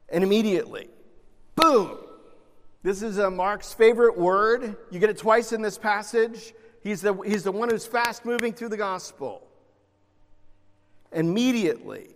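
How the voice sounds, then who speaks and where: A man preaching a sermon, animated, swinging between loud emphasis and soft, gentle asides. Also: high-pitched. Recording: long reverb of a large hall.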